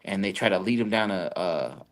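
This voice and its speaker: A young man hosting a podcast, telling a story in casual, profane chat and jumping into high voices to quote people. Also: lively intonation, normal speed. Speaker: podcast host.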